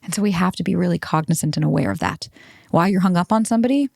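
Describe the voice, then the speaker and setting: A woman's voice: lowish voice, racing, vocal fry, darkish tone, no room sound, clean studio sound. A woman hosting a self-help podcast, talking bluntly with plenty of swearing and acting out the voices of the people she quotes. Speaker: podcast host.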